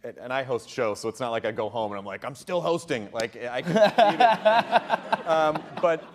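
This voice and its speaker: A male talk-show host chats casually with a guest, bubbly and rambling and laughing often. His voice is medium-pitched and his pace is normal.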